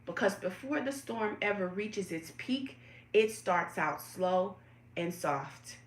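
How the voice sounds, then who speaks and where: A woman speaks in a room with a clear echo around her voice. She hosts a live tarot stream, greeting viewers by name and asking them reflective questions. Her pitch sits in an ordinary middle range. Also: lively intonation, slow pace. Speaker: tarot reader hosting a livestream. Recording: roomy echo.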